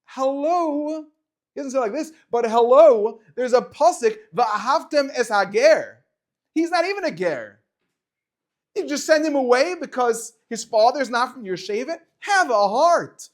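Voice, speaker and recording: A man teaching a lively Torah class to students, firing rhetorical questions and dropping to quiet explanation. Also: very high-pitched, moderate pace. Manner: animated, swings between loud questions and quiet explaining, chats with students.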